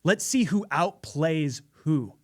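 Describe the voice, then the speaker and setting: A man's voice: a little high, animated, takes it slowly, dry recording, clean studio sound. A man doing an upbeat basketball coach. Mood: encouraging. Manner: challenging, upbeat. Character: encouraging male basketball coach.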